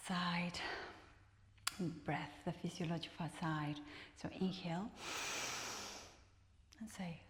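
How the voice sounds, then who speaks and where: A woman instructor calmly cueing a guided movement and breathing practice, counting reps and offering soft encouragement. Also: fairly low pitch, slow pace, long pauses. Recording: echoey room with long reverb.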